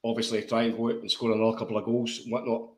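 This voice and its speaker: A man's voice: medium pitch, flat delivery, racing. A man with a Glaswegian Scottish accent co-hosting a football podcast, talking in blunt, sweary banter. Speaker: podcast co-host. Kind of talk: casual football chat. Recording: echoey room.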